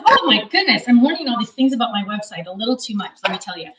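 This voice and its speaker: A woman in her thirties hosting a live craft stream, chatting casually and talking loudly because she has no mic and the cameras are far away. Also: fairly high pitch, expressive, fast, few pauses. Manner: chatty, self-deprecating, talks loudly to reach distant cameras. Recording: distant, unmiked room sound.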